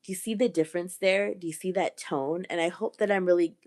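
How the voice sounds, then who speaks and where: Low-voiced woman coaching with a sore throat. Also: fairly even intonation, brisk, a little mellow. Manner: earnest, repeats key phrases. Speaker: communication coach. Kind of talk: live-stream coaching talk.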